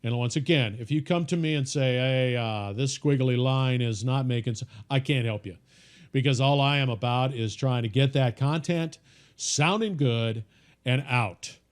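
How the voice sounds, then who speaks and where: A man's voice: mid-range voice, normal speed, smooth. A man teaching an informal podcasting course, talking in a folksy, emphatic coaching way with frequent repeats and restarts.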